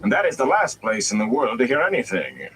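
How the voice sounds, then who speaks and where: A man voicing a grand, scornful old traveling bard with a theatrical, dry and mocking manner, over steady background noise. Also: medium pitch, fast, pitched above the performer's own voice, poor audio.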